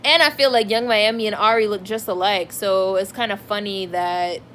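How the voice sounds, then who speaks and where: Gossiping about celebrities on her livestream, this woman reads and responds to her chat in a chatty, animated way, leaning heavily on "like." Her mid-range voice moves at normal speed, and there's a faint hiss or hum.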